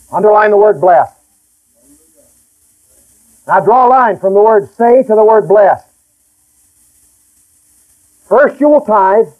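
A man's voice: high-pitched, narrow, tinny audio. A middle-aged male pastor preaching a folksy, emphatic sermon and reading scripture aloud.

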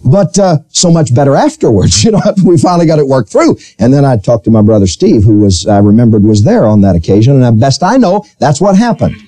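A male pastor preaching a sermon in church, telling a personal story with lively, animated delivery. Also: a little fast, hardly any pauses, no room sound. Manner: storytelling preacher, animated, rising to high pitch when quoting.

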